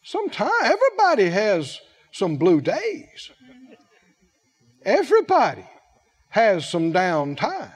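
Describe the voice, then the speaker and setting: A man's voice: high-pitched, wildly swooping pitch, breathy edge. A man preaching a sermon, drawing out his phrases and firing questions at the congregation. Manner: emphatic, drawn-out phrasing with questions to the audience; plays out little acted dialogues.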